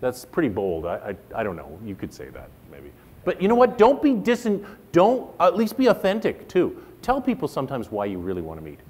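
A middle-aged man leading an interactive workshop, talking to the room in an animated way and acting out the remarks he quotes. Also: mid-range voice, brisk, husky. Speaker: workshop presenter.

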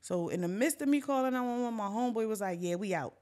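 A woman's voice: on the high side, fast. A young woman hosting a podcast, telling a funny story in a casual, profane way and acting out the other people's voices. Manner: animated and profane, acts out voices. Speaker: podcast host.

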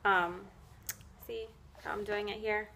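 A woman's voice: mid-range voice, fairly even intonation, slow pace, sharp tone, slight background noise. A woman giving a casual at-home how-to tutorial, chatty and rambling, full of fillers, self-corrections and little self-amused laughs. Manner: laughs often at herself. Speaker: nail wrap seller demonstrating at home.

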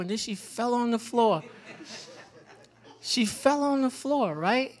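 A man speaking as a panel guest, telling animated stories about fatherhood and repeating phrases for emphasis. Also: very high-pitched, slow pace, long pauses. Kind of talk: personal storytelling in a community panel.

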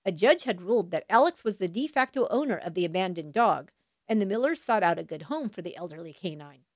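Woman podcast host, true crime narration, animated delivery, dry close sound, drops in wry remarks. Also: on the low side, brisk, no echo. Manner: wry asides between dramatic retelling.

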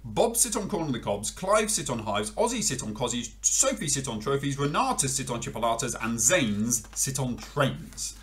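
A man voicing a clever, bossy male frog, reciting rhymes in a brisk rhythm from a storybook. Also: medium pitch, very animated, a bit bright, pitched above the performer's own voice. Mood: brisk, rhyming.

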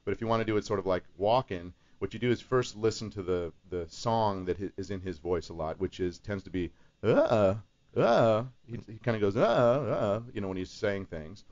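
A man's voice: low voice, steady tone, fairly quick, hardly any pauses, a little mellow. A man, a voice actor, chatting on a radio talk show and explaining how to build voice impressions. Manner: explains voice impressions, demonstrates them. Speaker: voice actor guest. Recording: dull lo-fi radio broadcast.

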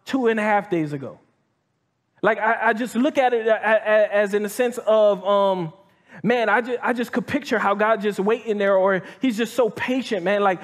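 High-voiced man preaching to a congregation. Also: moderate pace. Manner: conversational preaching with many restarts and repeated "like" and "right?"; reads scripture aloud and comments between verses. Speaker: pastor. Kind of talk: sermon. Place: church hall with live audience.

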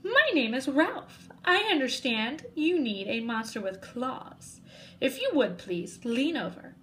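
A prim, well-groomed male monster from a storybook, voiced by a woman. His voice is high and silky, bright and full of lift, and every word is formal and overly polite. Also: sing-song, a little slow, a little hiss or hum, exaggerated voice. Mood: courteous.

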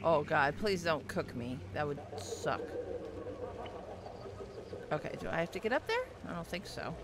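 A woman giving let's play gameplay commentary, slightly hoarse from losing her voice, reacting aloud and talking back to the game. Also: sits low, animated, a little slow, background noise. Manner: reactive, exclaiming, talks to the game.

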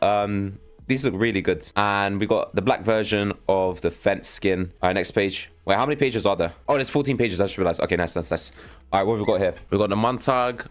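Excitable young man reacting, lively pitch. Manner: casual, excitable, slangy, says "bro" a lot. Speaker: gaming channel host. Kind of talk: excited game reaction commentary.

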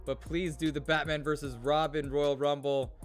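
A man's voice: fairly high pitch, little pitch movement, normal speed, soft background music. A man hosting a casual gaming livestream, chatty and reading viewer comments aloud as he talks. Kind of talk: casual live-stream chat.

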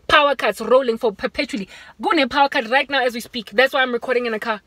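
A South African woman giving a fervent, preaching vlog monologue from inside a car, moving between urgent raised warnings and hushed appeals. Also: fairly high pitch, fast, no room sound. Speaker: Christian vlogger.

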